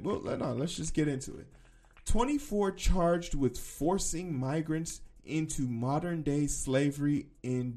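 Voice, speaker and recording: A man hosts a casual podcast, riffing bluntly and profanely with sudden loud emphatic bursts. His voice sits a little high for a man, and faint music plays underneath. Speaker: podcast host. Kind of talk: casual opinion commentary.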